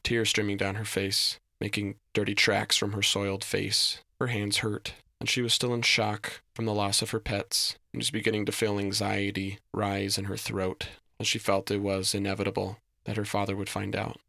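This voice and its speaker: A man narrating a story in a steady, descriptive reading. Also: lowish voice, moderate pace, creaky, dry recording, clean studio sound.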